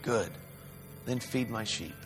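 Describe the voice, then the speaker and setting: An actor who narrates a short video, then plays Jesus as a calm, gentle, patient man. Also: lowish voice, takes it slowly, big-room sound, faint music behind. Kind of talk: video narration and comic skit.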